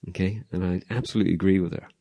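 A man's voice: deep voice, steady tone, racing, vocal fry, mellow. A man giving an informal, chatty reflection at a church gathering, correcting himself as he goes and acting out the dialogue he retells. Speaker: church member sharing a reflection.

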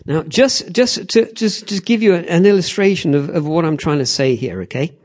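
A man's voice: fairly high pitch, normal speed. A man preaching animatedly, often checking in with the audience. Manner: animated, repeats "okay? all right?" to the audience. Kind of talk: sermon.

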